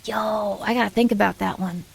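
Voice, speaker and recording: Brisk and fairly even in intonation, this woman streamer's mid-range voice carries vocal fry and a breathy edge. Her casual live-stream chat wanders and jokes around, and she keeps interrupting her own thoughts.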